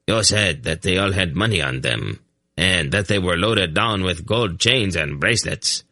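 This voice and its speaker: A man's voice: low-pitched, animated, unhurried, pushed and bright, no room sound, studio quality, heavily acted. A man doing a rowdy, grumbling fur trader. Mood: indignant. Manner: rowdy, complaining. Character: rough male fur trader, loud and grumbling.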